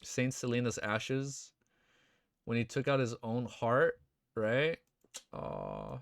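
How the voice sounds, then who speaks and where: A young man streaming, reacting emotionally and excitedly to fan art in casual chat, swearing often and calling viewers dude and bro. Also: mid-range voice, slow, creaky, no echo, studio quality.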